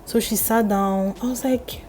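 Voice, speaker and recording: A young Nigerian woman vlogger telling a story in lively, emphatic casual chat. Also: fairly high pitch, measured pace, slight background noise, rough recording.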